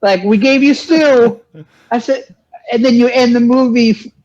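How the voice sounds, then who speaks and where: A man's voice: very high-pitched, a little slow, a little mellow. A man guesting in a casual movie chat, rambling through ideas and laughing at them. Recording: dull, lo-fi sound.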